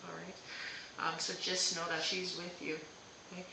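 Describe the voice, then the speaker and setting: A woman gives a live-streamed psychic reading in a very bright, sharp-edged voice, gentle and reassuring as she checks in with "okay?". She sits back from the mic in an echoey room with faint hiss behind her. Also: on the low side, flat delivery, normal speed, vocal fry, far from the mic. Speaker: psychic medium.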